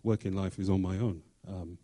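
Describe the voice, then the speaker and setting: A middle-aged man, sharing a personal faith testimony in an earnest, halting way with many fillers and restarts. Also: deep voice, fairly even intonation, dark tone. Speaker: church member sharing testimony.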